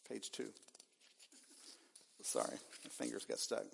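A man's voice: lowish voice, big pitch swings, slow, vocal fry, breathy edge. A man preaching a sermon as pastor, acting out the figures' lines with dramatic swings. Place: church sanctuary.

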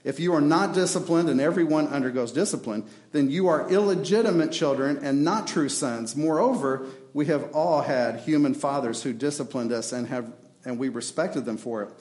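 A man's voice: fairly high pitch, moderate pace, a little mellow, reverberant. A man preaching a sermon as pastor, impassioned, acting out prayers and answers to the congregation. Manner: impassioned preaching, acts out prayers and God's replies. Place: church.

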